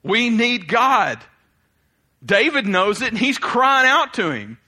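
A man preaching a sermon, animated, swinging between loud exclamations and quiet reflection, laughing often. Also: very high voice, slow pace. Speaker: pastor.

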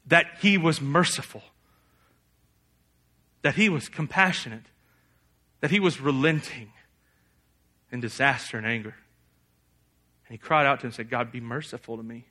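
A young man preaching a sermon, animated, often acting out a figure's angry prayer in a loud raised voice. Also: mid-range voice, a little slow, long pauses.

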